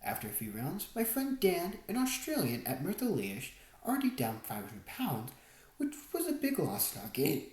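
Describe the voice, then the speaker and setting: A woman reading a first-person memoir as an audiobook narrator, expressive storytelling. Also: sits low, normal speed, echoey room, low-quality recording. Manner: expressive storytelling, wide swings in tone.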